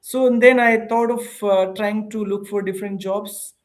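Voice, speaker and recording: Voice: mid-range voice, normal speed. A speaker with an Indian English accent, an English teacher who chats casually on a live stream and answers viewer comments with frequent hesitations. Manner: chatty and animated, reads and answers viewer comments, frequent "uh" fillers.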